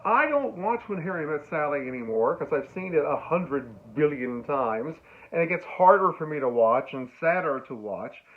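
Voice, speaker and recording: A man giving a casual lecture on film, telling stories and acting out lines with sudden loud bursts. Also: fairly high pitch, moderate pace. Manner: animated storyteller, acts out quotes with sudden loud squeals. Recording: tinny phone-like sound.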